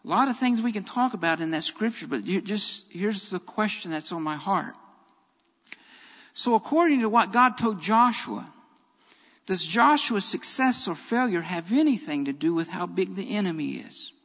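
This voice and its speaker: A man with a strikingly high voice preaches a sermon, driving his points home by repeating key phrases. His words ring out with a long reverb, as if filling a church. The sound is dull and lo-fi. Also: expressive, moderate pace, a bit bright.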